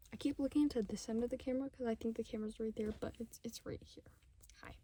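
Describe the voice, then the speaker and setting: A fifteen-year-old girl ranting casually to camera at home, rambling and sidetracked, talking fast in bursts and often dropping to a whisper. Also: a little high, steady tone, mellow, slight background noise. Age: 15, teenager. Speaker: vlogger. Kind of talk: casual unscripted rant to camera.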